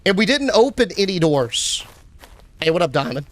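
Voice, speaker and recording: A young man streaming a game live, chatting casually and answering his chat with shout-outs. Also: high-pitched, very animated, moderate pace.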